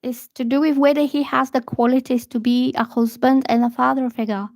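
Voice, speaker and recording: A woman chatting bluntly on a livestream as a tarot reader, telling a story in an animated way. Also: high voice, a little fast, no echo. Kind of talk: casual livestream chat. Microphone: phone or laptop.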